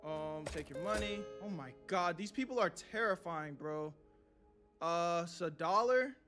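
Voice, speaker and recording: A man's voice: fairly high pitch, lively intonation, a little slow, a bit bright, soft background music. A young man streaming a game live, swearing and talking nervously to his chat as he plays. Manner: jittery, swearing, talks to chat. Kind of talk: live gameplay commentary.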